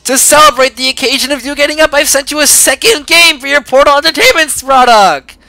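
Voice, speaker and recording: A man doing a manically cheerful, squeaky wake-up voice. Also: a little fast, vocal fry, bright, forceful tone, full character voice. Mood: gleeful. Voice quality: sing-song, exaggerated glee.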